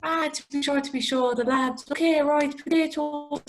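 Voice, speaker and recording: A woman putting on a deliberately bad, exaggerated mock Irish accent, playing a jokey over-the-top racing presenter in a sing-song way. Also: sits high, fairly even intonation, background noise, pitched above the performer's own voice, lightly acted. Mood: clowning.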